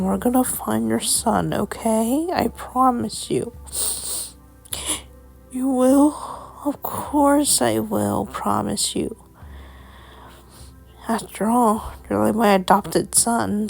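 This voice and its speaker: A calm, motherly figure, put on by a woman reading a storybook aloud, steadily reassuring. The voice is gravelly and husky. The pace stays slow. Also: on the high side, faint music behind, full character voice, poor audio. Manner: soothing, reassuring.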